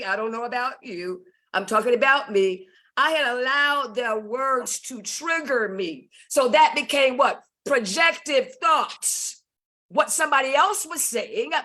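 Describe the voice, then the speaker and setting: A woman's voice: high voice, pushed and bright. A woman giving a fervent, preacher-like testimony on a video call, repeating phrases for emphasis. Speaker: guest speaker.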